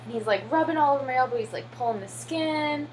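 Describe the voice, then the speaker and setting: A woman's voice: high-pitched, fast talker, slight background noise, low-quality recording. A young American woman who teaches English in Korea, talking casually with lots of fillers and acting out her pupils' voices. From United States. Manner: chatty, many fillers and "like"; acts out children's voices when telling stories. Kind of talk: casual vlog.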